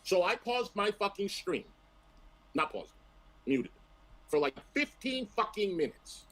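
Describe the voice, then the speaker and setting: A man's voice: high-pitched, big pitch swings, unhurried, fairly bright tone, rough recording. A man in a played stream clip, ranting defensively about being wronged, with heavy swearing. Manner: aggrieved, defensive, profane.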